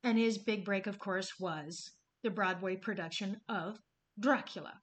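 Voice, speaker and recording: A woman's voice: mid-range voice, a little slow. A woman hosting a podcast, telling film history in a casual, enthusiastic way with some swearing. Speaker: podcast host.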